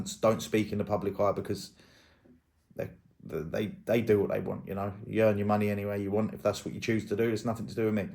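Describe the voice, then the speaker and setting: A man's voice: fairly low pitch, darkish tone. A man giving casual, rambling commentary as a YouTube drama host, thinking aloud and hedging as he goes.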